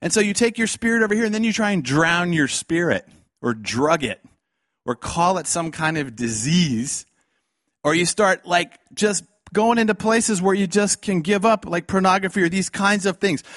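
A man preaching a fiery sermon, swinging between loud outbursts and hushed lines and acting out the voices he quotes. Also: high voice, normal speed, no room sound, clean studio sound.

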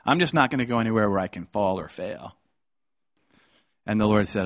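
A middle-aged man preaching a sermon with storytelling, swinging from hushed, low lines to loud, high-pitched outbursts. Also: animated, fairly quick, pauses often, no echo, studio quality.

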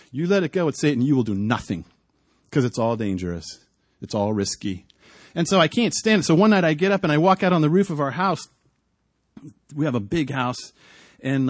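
Husky middle-aged guy preaching outside, dry sound, goes quiet then loud, keeps clearing his throat. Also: medium pitch, no echo. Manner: storytelling, swings from hushed to loud. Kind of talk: sermon with personal story. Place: outdoors.

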